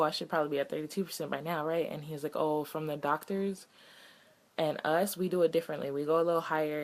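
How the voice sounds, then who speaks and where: A vlogger in her twenties tells a story in a casual vlog, chattily retelling conversations with lots of "he was like." She has a deep voice, and the recording is rough.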